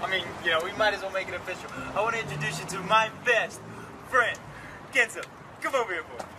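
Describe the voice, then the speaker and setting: A man's voice: high voice, steady tone, fast, background noise. A man acting in a comedy sketch, talking in a rambling, hesitant way. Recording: loud music over the voice.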